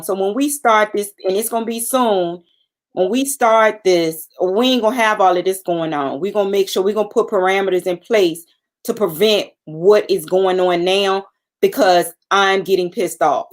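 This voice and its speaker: A woman's voice: medium pitch, normal speed. Blunt, protective woman co-host. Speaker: live stream co-host. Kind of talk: casual live stream chat.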